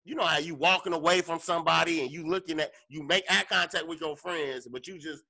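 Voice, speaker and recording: A man's voice: brisk, gravelly. A man co-hosting a podcast, telling a story in casual, profane chat and acting out his own reactions. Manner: animated, profane, acts out his own lines in a higher voice. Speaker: podcast co-host.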